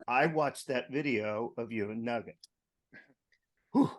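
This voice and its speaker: A man hosting a podcast, speaking slowly and haltingly. He sounds emotional and clears his throat as he talks. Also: medium pitch. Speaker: podcast host. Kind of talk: casual podcast chat.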